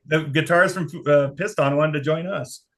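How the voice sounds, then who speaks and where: Man, dry matter-of-fact storyteller, bright sharp tone, video call. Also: fairly high pitch, normal speed. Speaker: musician guest. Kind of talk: casual conversation.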